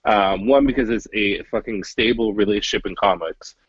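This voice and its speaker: A young man talks fast and loose on a podcast, swearing freely and restarting sentences. His voice is husky and the close, dry recording sounds dull and lo-fi. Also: fairly low pitch, steady tone, no echo. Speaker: podcast co-host. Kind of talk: casual chat.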